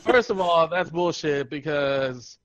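A man's voice: a little high, slow, a bit bright, no echo. A young man co-hosting a podcast, rambling loosely with laughs and swearing. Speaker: podcast co-host. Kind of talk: casual chat.

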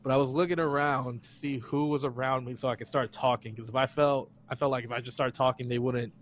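A man's voice: mid-range voice, fairly even intonation, fast talker, highs cut off, slight background noise. A man casually telling a story on a podcast, rambling, repeating words and laughing a lot. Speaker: podcast host.

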